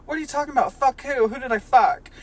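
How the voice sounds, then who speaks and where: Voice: high voice, fast talker, slight background noise, pitched above the performer's own voice, close to an everyday voice. A podcast reader voicing a flustered, defensive adult male sea sponge in raised, indignant protests.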